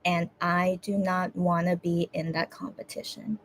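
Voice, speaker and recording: A woman's voice: on the low side, level tone, a little slow, slight background noise. A young woman hosting a casual livestream chat. She hesitates and restarts often and sounds close to tears. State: teary, on the verge of crying. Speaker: livestream host.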